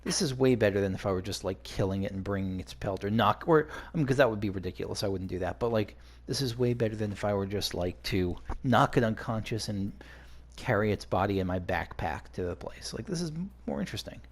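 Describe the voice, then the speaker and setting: Gravelly husky-voiced man gaming. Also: lowish voice, animated, fairly quick. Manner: chatty, rambling, swears when frustrated. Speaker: let's play gamer. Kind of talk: casual gameplay commentary.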